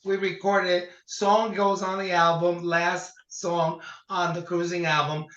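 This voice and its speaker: Older guy telling lively career stories, echoey and a bit muffled lo-fi sound. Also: high-pitched, measured pace. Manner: animated storyteller, acts out quotes. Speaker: singer recalling his career. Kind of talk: casual interview conversation.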